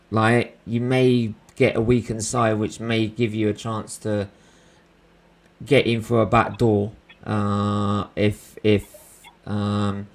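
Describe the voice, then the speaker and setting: A man's voice: lowish voice, creaky. A man hosting a live football watchalong stream, chatting casually and rambling with slang and fillers.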